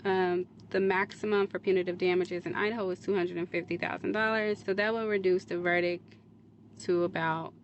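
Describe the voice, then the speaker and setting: A woman's voice: lowish voice, steady tone, a little fast, dull audio, slight background noise. A woman speaking in a clip, giving an earnest, defensive monologue to camera that rambles from point to point. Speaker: social media creator in a played clip.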